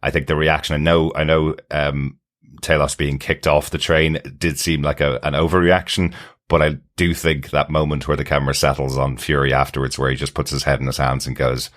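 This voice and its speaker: This is a man hosting a TV podcast, with an extremely deep voice. He explains at length in a loose, rambling way, padding his sentences with ums and uhs. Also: level tone, fairly bright tone. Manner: explanatory, rambling, fills pauses with "um" and "uh". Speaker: podcast host. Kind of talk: casual chat.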